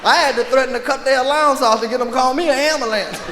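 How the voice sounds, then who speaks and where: A man with a very high voice tells profane stand-up stories and acts out the people in them. This is a live concert recording, with a crowd and a steady hiss behind him. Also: very fast, long reverb tail. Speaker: stand-up comedian.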